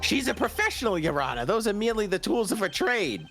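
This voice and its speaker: A woman voicing a smug courtroom prosecutor in a slow, measured delivery. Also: medium pitch, sing-song, creaky, a bit bright, faint music behind. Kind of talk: reading game lines aloud on a livestream.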